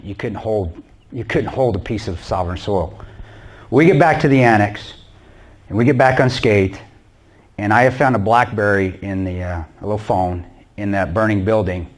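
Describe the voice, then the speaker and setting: A man giving a blunt, intense personal war story to a church audience. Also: fairly low pitch. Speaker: guest speaker.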